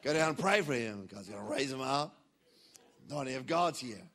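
A man putting on a booming rousing pastor. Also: expressive, brisk, a bit bright. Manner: emphatic, rousing, declamatory. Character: booming male pastor hyping up a preacher.

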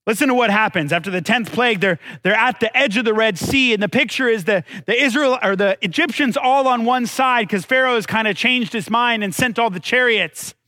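High, bright-voiced male preacher. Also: a little fast, hardly any pauses, no echo. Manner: conversational, asks the congregation questions; animated storytelling with dramatic drops. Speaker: pastor. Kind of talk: sermon.

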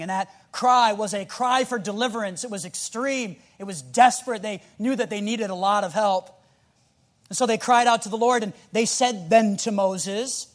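An animated male pastor with a high, light voice, preaching a sermon. He reads scripture and then acts out the scene, breaking into growls and shouts.

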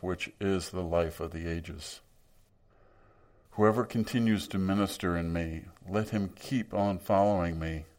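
Male preacher, low voice, unhurried, musing sermon with scripture reading. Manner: reflective, musing, reads scripture aloud.

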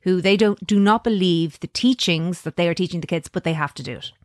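A woman's voice: on the low side, a little fast, dry recording, clean studio sound. Chatty Irish woman co-hosting radio. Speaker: radio co-host. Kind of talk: casual chat.

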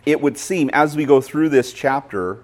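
A man's voice: a little high, normal speed. A middle-aged male pastor preaching a sermon, talking conversationally and telling stories with emphatic stress.

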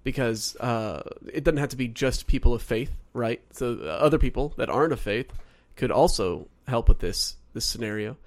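A man co-hosting a faith podcast, reasoning step by step in a measured way and rephrasing as he goes. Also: medium pitch. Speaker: podcast co-host. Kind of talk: casual podcast discussion.

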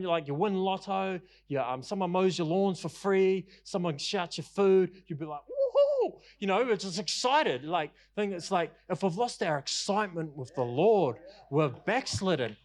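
A man preaching a passionate sermon, repeating his lines for emphasis and using casual fillers. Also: sits high. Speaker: pastor.

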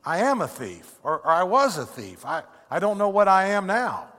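A man's voice: high voice, sing-song, normal speed, sharp tone, long reverb tail, voice pushed up, heavily acted. A man voicing a newly redeemed thief who asks wondering, bewildered questions.

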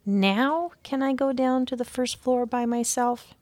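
A woman's voice: sits low, moderate pace, dry recording, close to an everyday voice. A woman voicing a proud, eager young male mouse in a storybook reading. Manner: eager, boastful.

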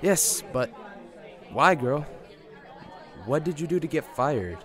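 A man's voice: on the high side, slow pace, some chatter behind. A young man voicing a playful, supportive teenage best friend. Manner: playful, lively.

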